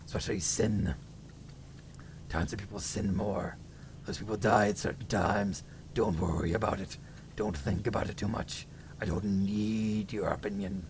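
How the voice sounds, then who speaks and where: A male streamer voicing a boastful, grumpy demon lord with a deep gravelly growl, narrating theatrically with crude asides. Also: fairly even intonation, moderate pace, noisy background, natural voice. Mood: irritated. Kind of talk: live-stream character voice.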